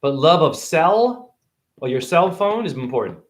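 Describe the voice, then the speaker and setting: Man live-streaming a rambling monologue; rhymes and puns, fairly high-pitched, erratic. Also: sing-song, unhurried, slight background noise. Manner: rhyming wordplay, erratic jumps in pitch and pace. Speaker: self-styled spiritual teacher streaming live.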